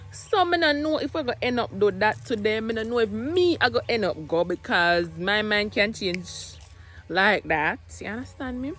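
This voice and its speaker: A woman's voice: medium pitch, lively intonation, normal speed, fairly bright tone, slight background noise. A young Jamaican woman talking casually to camera in a home vlog, chatty and rambling, slipping into patois. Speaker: vlogger, single mother.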